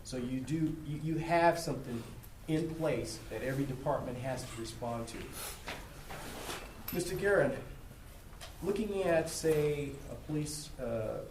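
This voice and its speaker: A man hosting a panel asks slow, measured questions in a middle-range voice. He sits away from the mic in an echoey room, with a faint hiss behind him. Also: a little high, recorded from a distance. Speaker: host, moderator.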